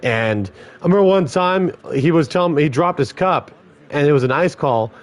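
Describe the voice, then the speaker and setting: A former corrections officer telling blunt, heavily profane stories in casual podcast chat. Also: male voice, a little high, animated, moderate pace.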